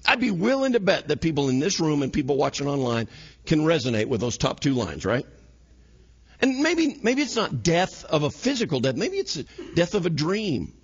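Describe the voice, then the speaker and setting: A man preaching to his congregation, his voice swinging up and down as he plays out little scenes. His tone is husky and sits a touch high. The recording sounds a little dull. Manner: animated, acts out scenes in quoted voices. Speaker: pastor. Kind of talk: sermon. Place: church sanctuary.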